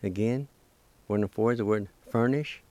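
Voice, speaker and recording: A man's voice: lowish voice, moderate pace, darkish tone, no room sound. A man teaching a recorded pronunciation lesson, spelling and sounding out words syllable by syllable, with a few encouraging words. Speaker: language teacher.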